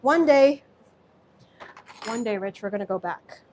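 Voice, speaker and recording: A young woman from Singapore with an American accent hosts a live cooking stream from her kitchen, her slightly high, darkish voice unhurried and full of lively intonation, with a little hiss or hum. She chats warmly and effusively, thanking viewers by name.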